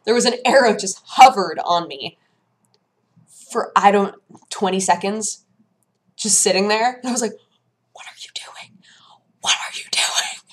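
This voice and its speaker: Animated woman vlogger telling stories. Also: a little high. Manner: animated storytelling, acts out her own quotes in hushed voices. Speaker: vlog host. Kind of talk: casual chat.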